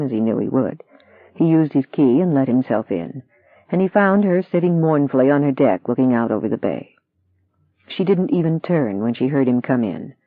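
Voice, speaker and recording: Audiobook narrator, steady reading, dry tinny audio. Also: medium pitch, no room sound. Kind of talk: scripted narration. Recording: dry tinny phone-like sound.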